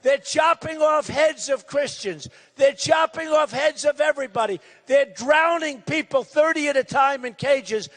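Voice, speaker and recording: A man in his sixties giving a campaign rally speech, loud and repetitive, hammering his points with emphasis. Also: very high voice, unhurried, few pauses, big-room sound. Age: 60s. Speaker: political candidate.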